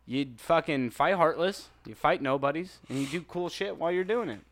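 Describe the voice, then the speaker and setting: Animated man griping about games. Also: a little high, moderate pace. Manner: animated, frequent swearing and laughing. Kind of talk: casual chat about video games.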